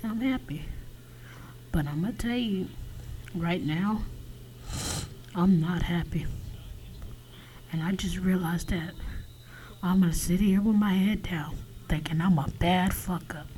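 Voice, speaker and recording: A man talking alone on his podcast in a halting confessional monologue, often dropping to a whisper and swearing. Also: high voice, mellow, a little hiss or hum, low-quality recording. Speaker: podcast host.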